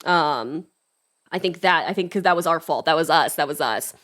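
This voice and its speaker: A woman's voice: sits low, moderate pace, fairly bright tone. A woman streaming a story game, reading it aloud and ranting passionately in between, swearing often. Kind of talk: casual let's-play commentary with character voices.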